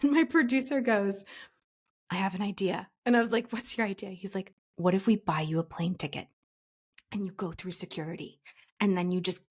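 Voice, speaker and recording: A woman in her forties spins a breathless story as a podcast guest, her voice leaping up high whenever she acts out a quoted line. Her pitch sits in a middle range, and she talks in a quick, casual way with a laugh now and then. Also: a little mellow, breathy edge. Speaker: casting director, podcast guest. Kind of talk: animated anecdote telling.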